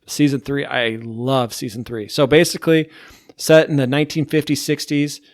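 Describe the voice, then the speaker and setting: This podcast host ranks TV shows in a loose, rambling chat, filled with "like," using a medium-pitched, steady voice at a moderate pace. There's no echo, and the sound is clean studio quality.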